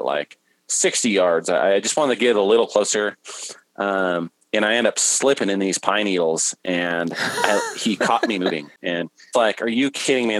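A man guest on a podcast, telling a hunting story in a lively way and acting out his own thoughts. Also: low voice, no room sound, low-quality recording. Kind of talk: casual podcast conversation, storytelling.

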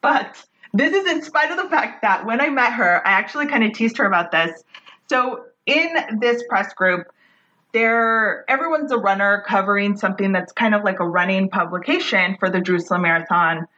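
A woman hosts her podcast with a bubbly, gushing energy, chatting freely rather than reading. Her voice is bright and forceful, sitting in a middling register for a woman. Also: mid-range voice, moderate pace, highs cut off. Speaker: podcast host. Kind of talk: casual podcast intro.

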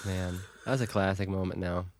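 Lower-voiced man chiming in eagerly. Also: steady tone, no room sound, clean studio sound. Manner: enthusiastic interjections, quick agreement. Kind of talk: casual chat.

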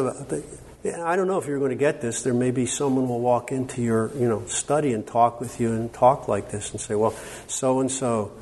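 A man's voice: mid-range voice, darkish tone, slightly rough. A man giving a workshop lecture in a conversational, emphatic way, often checking in with the audience. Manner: conversational, frequent "okay?" check-ins, emphatic. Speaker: workshop speaker. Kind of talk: conference lecture.

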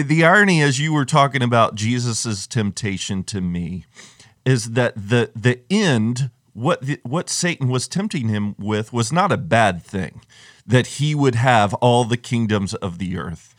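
A man's voice: mid-range voice, dry recording, clean studio sound. A man on the church staff, co-hosting a podcast conversation and reflecting thoughtfully on what he has heard. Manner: reflective, affirming listener. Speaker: ministry staff member, co-host.

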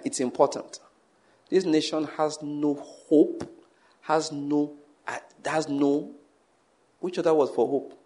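A man, preaching a sermon as pastor, reading scripture slowly and leading the congregation in repeated prayer. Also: fairly high pitch, steady tone, dark tone.

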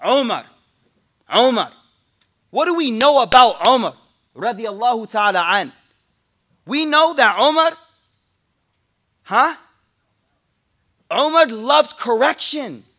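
A man giving a lively, joking sermon to a class, speaking in casual slang. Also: extremely high pitch, takes it slowly, long pauses. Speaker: sheikh giving a talk. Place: room with a listening audience.

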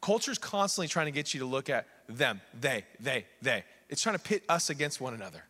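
Male pastor preaching big, bright voice, drops quiet then gets loud, echoey church hall. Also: medium pitch. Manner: animated, swings between quiet asides and raised preaching; acts out the king and others in quick voices. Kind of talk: sermon. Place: church sanctuary.

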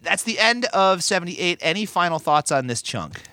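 A man's voice: high-pitched, sing-song, normal speed, bright, forceful tone, no room sound. A man hosting a podcast, chatting casually and wrapping up the episode with a laugh. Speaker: podcast host. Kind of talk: casual chat.

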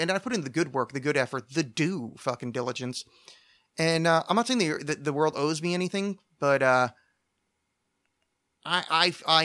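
Young male podcast host, solo rant, bright upper-range voice, sweary and stammering. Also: on the high side. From United States. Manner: profane, ranting, stammering restarts, mocking put-on voices.

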